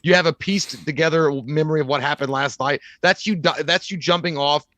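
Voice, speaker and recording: A man's voice: fairly high pitch, fairly quick, sharp tone, no room sound. A young man co-hosting a casual podcast, joking and putting on other people's voices, with frequent swearing. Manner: joking, mimicking people, profane. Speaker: co-host. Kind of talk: casual podcast chat reacting to a trailer.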